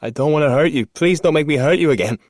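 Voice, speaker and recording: A man voicing a sick, soft-spoken male killer who lisps and talks in a coaxing, eerily gentle way. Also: a little high, quick pace, no room sound, clean studio sound, pitched above the performer's own voice, lightly acted. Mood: pleading. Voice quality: lisp.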